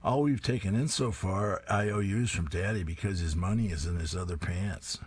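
Little lemonade-stand girl, read by a man, matter-of-fact, low husky voice. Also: moderate pace.

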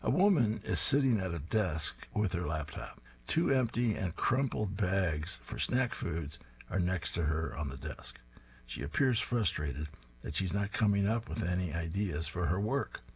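A man describing comic strips panel by panel and reading them aloud in a steady, descriptive way with dry amusement. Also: low voice, a little slow, breathy edge. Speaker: comics reader.

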